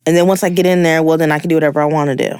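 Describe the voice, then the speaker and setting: A woman co-hosting a podcast, reacting quickly and chatting in a lively, casual way. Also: low-pitched, smooth, no room sound, clean studio sound. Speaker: podcast co-host. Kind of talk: casual chat.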